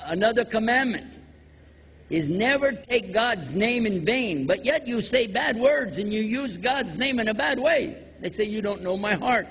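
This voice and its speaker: A man's voice: high-pitched, expressive, gravelly, a bit bright, a little hiss or hum. An older man from Texas, giving a humorous religious lecture full of jokes and acted quotes. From USA, Texas. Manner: joking, drawn-out storytelling with acted quotes. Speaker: Islamic preacher. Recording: hall reverb.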